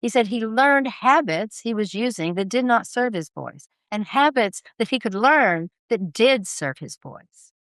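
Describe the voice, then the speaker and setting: A woman voice coach speaking in a podcast interview, with an expressive, emphatic teaching delivery. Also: fairly high pitch, a little slow, few pauses, no room sound. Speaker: voice coach guest.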